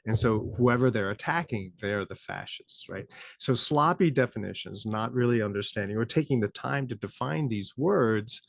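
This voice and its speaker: A man's voice: on the low side, expressive, normal speed, gravelly, few pauses, dry recording, studio quality. A man hosting his own commentary show, talking casually and asking rhetorical questions as he goes. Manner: conversational, rhetorical questions, frequent "right?". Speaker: podcast host, former teacher.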